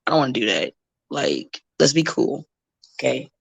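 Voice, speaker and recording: A woman with a gravelly, fry-tinged voice chats as a guest in a casual interview. She talks bluntly, swears freely and slips into quick impressions of the people she is telling about. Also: extremely low pitch. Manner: blunt, profane and animated, acting out quoted people. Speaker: professional wrestler, guest.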